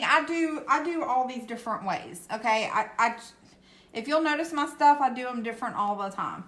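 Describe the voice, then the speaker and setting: A woman's voice: fairly high pitch, expressive, moderate pace, sharp tone, echoey room. A woman hosting a casual painting tutorial, chatty and reassuring, often checking in with "okay?". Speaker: craft channel host.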